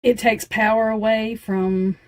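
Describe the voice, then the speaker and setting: High-voiced lady doing a live tarot stream, giggly and flustered, chatting right at her viewers. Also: level tone, measured pace. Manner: giggly and flustered, laughing between lines; talks straight to viewers and chat.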